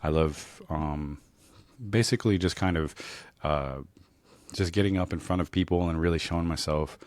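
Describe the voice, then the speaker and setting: A man's voice: low-pitched, moderate pace, darkish tone, no echo. A man in his thirties from New Orleans, telling stories from his life in a rambling way with many fillers and restarts. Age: 30s. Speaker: podcast host. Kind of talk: casual storytelling monologue.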